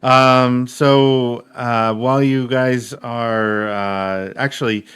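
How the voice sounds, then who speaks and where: A man running a tabletop game as game master, giving calm, measured rulings. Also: mid-range voice, clear, resonant tone.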